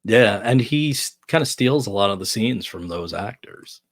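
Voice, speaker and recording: A man's voice: lowish voice, expressive, normal speed, no room sound. A man joining as a guest in a casual movie chat, talking in a laid-back way that trails off.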